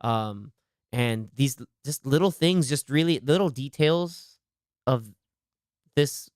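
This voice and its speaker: A man's voice: medium pitch, slow pace, darkish tone, smooth, no echo. A man hosting a casual movie podcast, talking with animation and acting out scenes in quoted voices on a studio mic. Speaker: podcast host.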